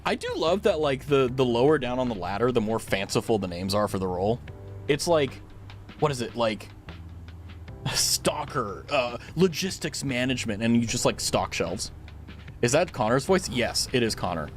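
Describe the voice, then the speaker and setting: A man's voice: mid-range voice, sing-song, moderate pace, soft background music. A young man streaming a game at home on a dynamic mic, chatting casually in a rambling, filler-heavy, giggly way. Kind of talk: casual gaming stream chat. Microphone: studio dynamic mic.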